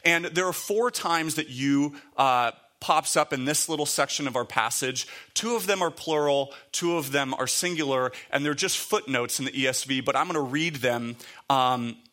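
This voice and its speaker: Bright-voiced man preaching casually. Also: medium pitch, moderate pace. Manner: conversational, with many fillers and restarts; reads scripture aloud. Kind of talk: sermon.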